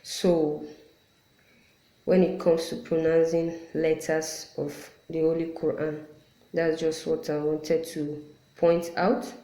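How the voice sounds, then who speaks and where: A woman with a lowish voice gives an unhurried lesson, repeating each letter sound patiently to demonstrate it. Her voice rings in a roomy, echoey space. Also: level tone, warm tone. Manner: apologetic asides. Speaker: Quran recitation teacher. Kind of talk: explanatory lesson. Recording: roomy echo.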